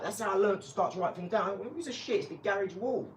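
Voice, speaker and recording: A man, hosting a casual live stream and telling lively, laughing stories with some swearing, from an empty garage. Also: high voice, very fast. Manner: animated storyteller, laughs, swears. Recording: roomy, distant mic, faint noise.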